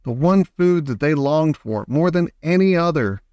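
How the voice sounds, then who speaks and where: A man voicing an eccentric, excitable male chocolate maker who talks in a gushing, showy way. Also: normal speed, clear, resonant tone, dry recording, lo-fi sound, close to an everyday voice. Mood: storytelling. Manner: gushing, showy, high and bouncy.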